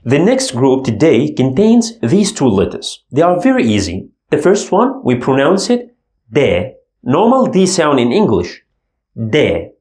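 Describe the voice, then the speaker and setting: Slow, lively man teaching letter sounds. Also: on the high side, echoey room. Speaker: Arabic teacher. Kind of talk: language lesson.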